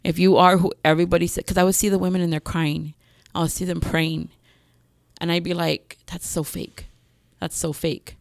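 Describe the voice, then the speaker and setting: A woman telling her life story as a podcast guest, speaking candidly and pausing often with "um.". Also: lowish voice, flat delivery, creaky, no echo, clean studio sound. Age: adult mother with several children. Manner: candid, frequent "um" pauses, acts out her past self. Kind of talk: personal testimony in a podcast interview.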